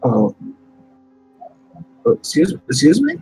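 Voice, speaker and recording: A man voicing a slow-talking male musician with a Southern US accent, drawling. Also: a little high, wildly swooping pitch, warm tone, breathy edge, faint music behind, exaggerated voice, low-quality recording. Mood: surprised. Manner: drawling, slower than usual.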